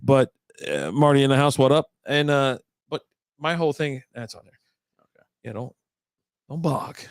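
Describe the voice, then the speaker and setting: A man ranting bluntly and casually as a podcast co-host, swearing freely. His voice sits at a middle pitch for a man. It is recorded close and dry. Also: moderate pace, clean tone, dry recording. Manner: blunt, profane, exasperated rants. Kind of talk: casual chat over drinks on a livestream.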